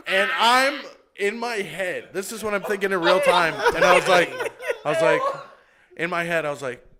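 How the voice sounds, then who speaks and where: A man with a Texan accent, a comedian telling an animated story on a podcast and acting out other people's lines. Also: normal speed, very noisy. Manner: animated, acts out other people's lines with big pitch jumps. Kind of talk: casual storytelling chat.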